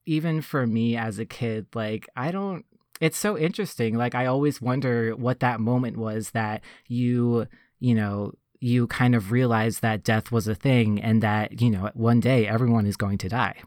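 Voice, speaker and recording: A man in funeral service casually telling a personal story on a podcast, reflective and relaxed, full of "like" and "you know". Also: mid-range voice, moderate pace, no echo, studio quality.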